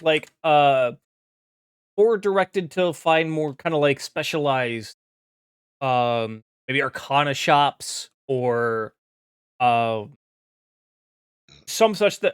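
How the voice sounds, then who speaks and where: Slow, lively game master, dry sound. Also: medium pitch, clean tone, no room sound. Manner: rambling, profane, filler-heavy. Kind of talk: narrating a tabletop game.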